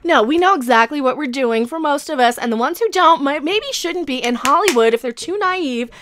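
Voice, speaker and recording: A woman's voice: sits high, expressive, a little fast, background noise. A woman in her forties ranting sarcastically about celebrities in her commentary vlog. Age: 40s. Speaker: vlogger. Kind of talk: rant commentary.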